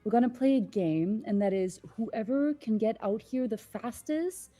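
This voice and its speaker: A woman voicing an earnest young male adventurer who speaks softly and reassuringly to children. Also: on the high side, normal speed, close to an everyday voice. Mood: coaxing.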